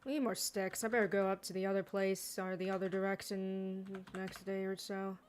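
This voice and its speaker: A woman's voice: mid-range voice, flat delivery, moderate pace, a little hiss or hum. A woman giving casual gameplay commentary, rambling with sarcastic asides. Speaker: gaming streamer.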